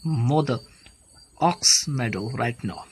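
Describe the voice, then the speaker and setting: A man's voice: medium pitch, expressive, slow, a little hiss or hum. A man reading aloud as a stubborn young woman, insisting in his own voice. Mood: insistent. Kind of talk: play read aloud.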